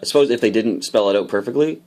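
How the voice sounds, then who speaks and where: A man casually opening trading card packs, explaining each card's rules with bursts of excitement. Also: fairly low pitch, quick pace. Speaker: card unboxing host. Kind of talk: casual unboxing commentary.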